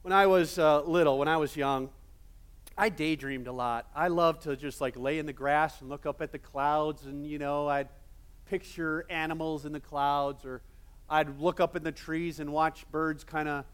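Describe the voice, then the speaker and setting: Man, pastor, sermon, casual, animated, high voice. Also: moderate pace, clean tone. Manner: casual, animated, many fillers. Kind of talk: sermon storytelling.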